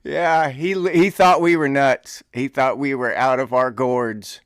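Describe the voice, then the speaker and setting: Middle-aged guy spinning a lively story, smooth clear voice, dry close sound, laughs a lot. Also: mid-range voice, measured pace, dry recording. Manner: animated, laughs often, acts out shouted quotes. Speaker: podcast host. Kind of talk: casual storytelling.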